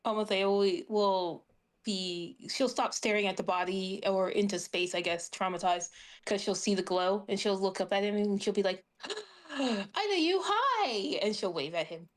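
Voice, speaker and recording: A woman's voice: medium pitch, fairly even intonation, moderate pace. A woman playing a tabletop game in an eager, playful way. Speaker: player.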